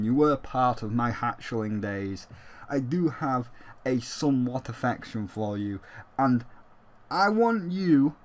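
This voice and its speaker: Heated young gaming vlogger. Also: male voice, mid-range voice. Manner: emphatic, heated, swears freely. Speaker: gaming YouTuber. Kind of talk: casual vlog commentary.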